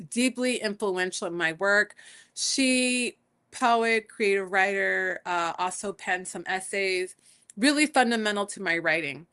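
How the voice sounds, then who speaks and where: A woman's voice: mid-range voice, bright, forceful tone. A woman poet and scholar answering interview questions in a conversational way, telling stories and acting out the voices she quotes. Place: home in Puerto Rico.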